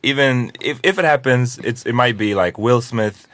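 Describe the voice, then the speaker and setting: A man's voice: medium pitch, normal speed, fairly bright tone, dry recording. A man in casual podcast chat, making his point with hesitant starts and fillers. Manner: hesitant, restarts, many fillers.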